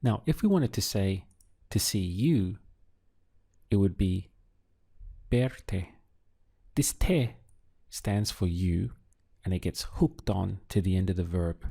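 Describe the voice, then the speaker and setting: A man teaching a Spanish lesson, patient and clear, repeating and spelling words slowly. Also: deep voice, dark tone. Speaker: Spanish tutor. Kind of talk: slow, clear language lesson.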